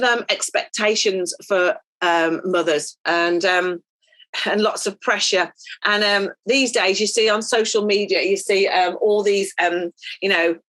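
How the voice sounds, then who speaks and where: A woman's voice: mid-range voice, fairly bright tone. A middle-aged woman giving a chatty, anecdotal devotional talk full of ums. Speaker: church speaker.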